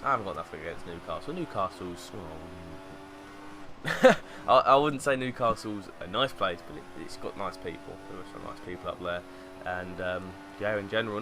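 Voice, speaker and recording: A young YouTube commentator with a low voice reads out fan tweets and casually comments on them in a sarcastic, mocking manner. The background is noisy.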